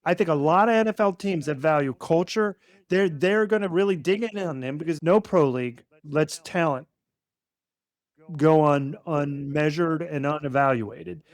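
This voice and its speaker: On the sports podcast he co-hosts with his son, a middle-aged father rants bluntly and emphatically, swearing now and then. His voice is a little high at normal speed. No room sound is audible.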